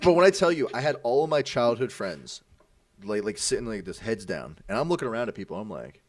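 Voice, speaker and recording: Animated young man telling stories. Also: on the low side, fairly quick, dry recording, studio quality, recorded from a distance. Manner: animated, acts out voices in his stories, swears freely. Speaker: podcast co-host. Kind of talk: casual storytelling.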